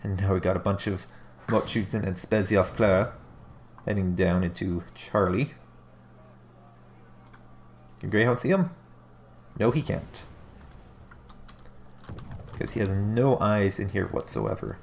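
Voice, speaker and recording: Slow and full of long pauses, a game caster narrates a strategy game replay at his desk mic in relaxed play-by-play. He has a deep, gravelly voice turned nasal and stuffed-up by allergies, thinks aloud, and corrects himself mid-sentence over a faint hiss.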